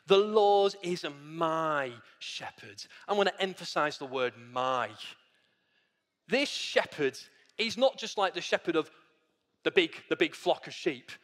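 A man's voice: high-pitched, big pitch swings, a little slow, pauses often, fairly bright tone, in a large hall. A man preaching a sermon in a church, earnest and repetitive, calling his listeners friends and guys. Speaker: pastor.

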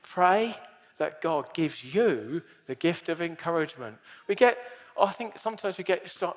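A man's voice: sits high, animated, unhurried, long reverb tail. A man in his fifties giving an earnest, emphatic sermon as pastor. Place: church hall.

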